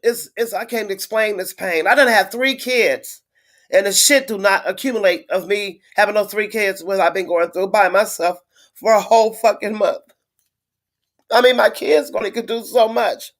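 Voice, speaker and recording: A woman chatting casually on a live stream to her viewers, venting in a frustrated, blunt way with swearing and halting restarts. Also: mid-range voice. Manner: halting with many fillers and restarts. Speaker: livestreamer greeting viewers.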